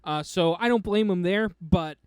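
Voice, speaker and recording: Emphatic man with a smooth, dry voice. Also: sits high, normal speed, no echo. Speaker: podcast co-host. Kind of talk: casual movie discussion.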